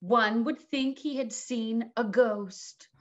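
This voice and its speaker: A woman playing a chatty middle-aged country hostess, brisk and cheerful, in a stage reading. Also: on the high side, lo-fi sound.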